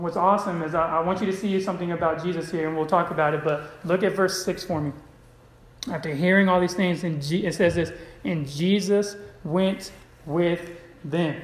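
High-voiced preacher in an echoey hall. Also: male voice. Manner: preaching, calls out to the congregation. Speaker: pastor. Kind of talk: sermon.

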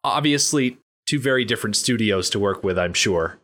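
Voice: mid-range voice, expressive, moderate pace, fairly bright tone. An interview host asking a guest questions in a casual, self-deprecating way. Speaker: podcast host.

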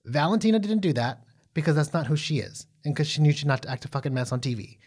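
A man co-hosting a casual recap chat, animated and profane, full of fillers and restarts. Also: on the high side, fast talker. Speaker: podcast co-host.

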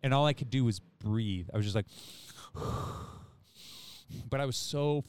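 A man's voice: mid-range voice, fast talker, clean tone. A man hosting a podcast, telling a long story in casual chat, laid back and rambling, with restarts and swearing. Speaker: podcast host.

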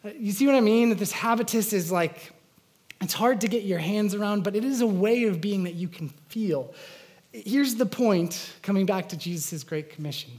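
A man's voice: high-pitched, normal speed, darkish tone. A man preaching a sermon as pastor, in an earnest, conversational way with frequent fillers and restarts.

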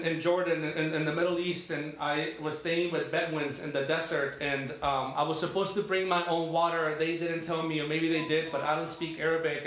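A man's voice: fairly high pitch, fairly bright tone. A man delivering a sermon, with conversational storytelling and frequent rhetorical questions. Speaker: pastor. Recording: very echoey room, faint ambience.

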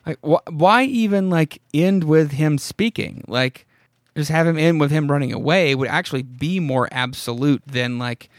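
A man hosting a podcast who rambles through a horror comic recap. His voice sits a little high for a man, and he swears casually and breaks off into amused asides. The recording is close and dry, with no room sound. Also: moderate pace, no room sound. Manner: rambling and profane, reads dialogue aloud with amused asides. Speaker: podcast host.

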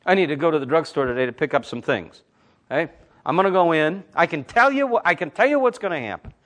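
A man in his fifties, a Christian talk host, telling stories and preaching in a blunt, emphatic, animated way. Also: on the high side, fast. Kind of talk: conversational preaching with storytelling.

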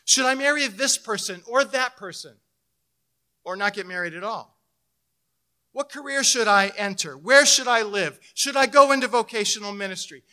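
A middle-aged man preaching a sermon as pastor, telling a personal story and swinging between loud emphasis and hushed, intimate moments. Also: high-pitched, normal speed, clean tone.

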